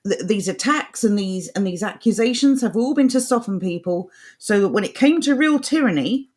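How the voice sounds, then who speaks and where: A woman with a fairly high voice co-hosts a live talk show. She talks in heated, ranting bursts, pressing her points hard. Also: darkish tone. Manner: impassioned, ranting delivery. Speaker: co-host.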